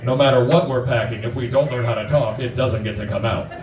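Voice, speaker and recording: A man in his forties doing a stand-up comedy set, crude and punchy, acting out quick voices. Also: mid-range voice, fairly even intonation, a little mellow, slight background noise. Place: comedy club stage before a live audience. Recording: roomy club sound from a distance, audience laughter.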